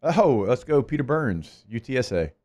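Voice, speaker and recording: A man's voice: mid-range voice, big pitch swings, normal speed, darkish tone, no room sound. A man co-hosting a sports radio show, making emphatic, rhetorical points in casual banter.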